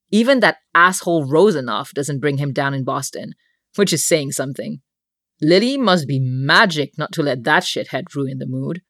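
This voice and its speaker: A woman with a low voice reads a comic story aloud as an audiobook. Her delivery is wry and deadpan, and the sound is dry and close to the mic. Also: no room sound. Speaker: narrator.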